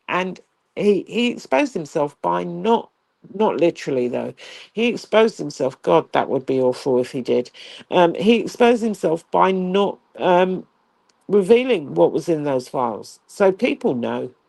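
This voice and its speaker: Female co-host, rambling political chat, gravelly fry, dry close sound. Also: low-pitched, a little mellow, no echo. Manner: chatty, restarts and filler, laughs easily. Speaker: co-host of a political talk show. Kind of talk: casual political commentary.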